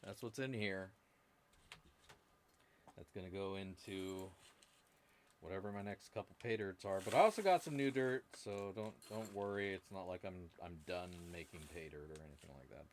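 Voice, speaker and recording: A man whose voice sits low talks at a normal speed as he works at an indoor workbench, hosting a laid-back gold-prospecting live stream full of jokes and rambling for his viewers. A faint hiss or hum is audible.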